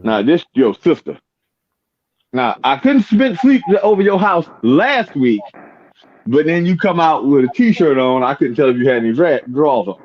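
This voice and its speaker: A man's voice: on the high side, normal speed. A man chatting casually and telling personal stories, acting out the voices of people in them. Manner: animated storyteller, acts out voices in the story. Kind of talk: casual chat, storytelling. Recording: dull lo-fi sound.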